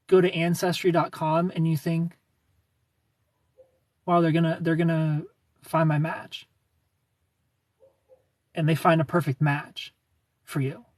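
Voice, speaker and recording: A young adult streamer with a husky, slightly breathy voice chats casually with viewers. The talk is loose and sarcastic, with frequent laughter, and the pitch sits in the middle. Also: a little mellow, no room sound. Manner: chatty and sarcastic, laughs often, answers viewers by name. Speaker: livestreamer reading chat. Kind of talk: casual livestream chat.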